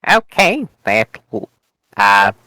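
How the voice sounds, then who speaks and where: A man's voice: on the low side, huge pitch swings, drawn-out words, bright, forceful tone, dry recording, poor audio. A man playing a tabletop role-playing game, switching between his own voice and his character in a playful, laughing, theatrical way. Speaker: tabletop player. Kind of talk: casual in-character tabletop play.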